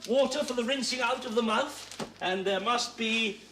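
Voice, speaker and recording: A fussy, self-important middle-aged father who rambles as he prepares to judge wines. His voice sits fairly high for a man. Faint hiss runs under the old TV soundtrack. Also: moderate pace.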